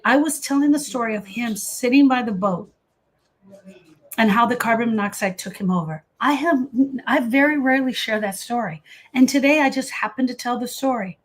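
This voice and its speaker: Running a live session as a grief coach, this middle-aged woman responds to viewers' comments in a casual stream, calling each person by name. She talks at a moderate pace in a slightly high voice, earnest and emphatic.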